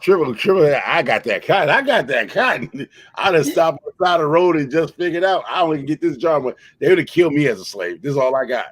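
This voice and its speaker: A man's voice: a little high, lively intonation, quick pace, slightly rough, no room sound, poor audio. A man, hosting a stream and telling exaggerated comic stories with lots of laughter. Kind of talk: joking storytelling on a livestream.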